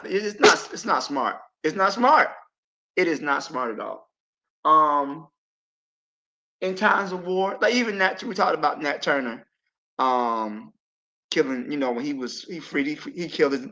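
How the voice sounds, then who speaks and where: A man hosting a livestream panel discussion, speaking emphatically with sudden swings between loud and quiet. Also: fairly high pitch, poor audio. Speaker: podcast host.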